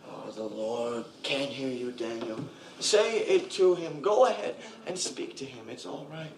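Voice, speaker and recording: An actor playing a zealous young male preacher in a film, commanding and given to shouting. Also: medium pitch, measured pace, lightly acted. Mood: stern. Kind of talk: film drama.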